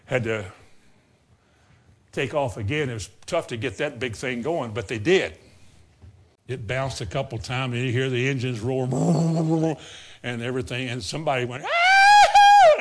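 A man preaching a sermon, swinging from loud outbursts to low murmurs and acting out Bible scenes. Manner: acts out Bible scenes in character voices.

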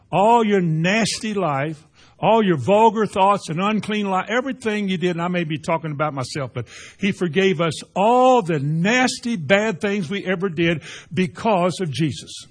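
Husky-voiced preacher man. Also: fairly high pitch. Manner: folksy preaching, rising to loud emphatic peaks. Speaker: pastor. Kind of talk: sermon.

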